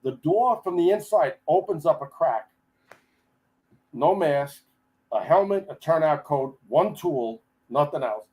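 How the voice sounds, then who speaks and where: An older man, a retired firefighter, telling stories as a guest in a casual podcast interview, animated and chatty and acting out the people in them. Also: on the high side, measured pace, low-quality recording. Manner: animated storyteller who acts out the people he quotes; chatty, with frequent restarts.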